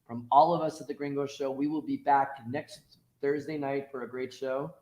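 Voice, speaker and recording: A man's voice: medium pitch, fairly even intonation, normal speed, a little mellow, roomy sound, poor audio. A man hosting a casual talk show, upbeat, chatting while eating. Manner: upbeat, talks with his mouth full while eating. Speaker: show host.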